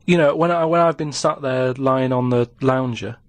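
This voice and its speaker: A man on a comedy chat show, explaining himself in a halting, hesitant way. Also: medium pitch, dry recording. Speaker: regular on the show, diary writer.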